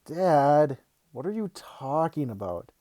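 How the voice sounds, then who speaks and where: A young storybook boy, pitched high and impatient with his father, as a man reading aloud puts him on. The voice is warm and dry, close to the mic, half exasperated, half thrilled. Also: big pitch swings, slow, no room sound. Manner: pleading, impatient, easily thrilled. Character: fifth-grade boy, exasperated by his dad.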